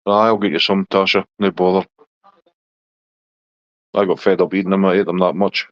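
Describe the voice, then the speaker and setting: A Scottish man hosting a casual live chat with viewers in a relaxed, chatty way. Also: moderate pace, no room sound. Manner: relaxed, chatty, talks to his dog in a high baby voice. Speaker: livestream host chatting with viewers. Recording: dull lo-fi dry sound.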